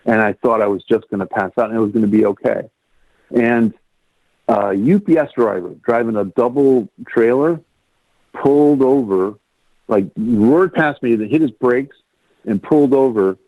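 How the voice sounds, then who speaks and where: A man, a guest on a podcast, telling a personal story in an animated way. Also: mid-range voice, a little slow, no room sound. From Rockford, Illinois, US. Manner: animated storyteller, acts out quoted lines in a raised voice. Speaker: guest, music producer. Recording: tinny phone-like line, dry.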